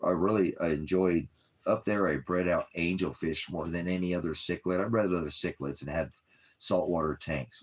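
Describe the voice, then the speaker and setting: Deep-voiced man chatting on a livestream. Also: normal speed, slightly rough. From lived in Alaska. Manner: rambling, talks to his dog and viewers. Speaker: livestream host. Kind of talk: casual livestream chat.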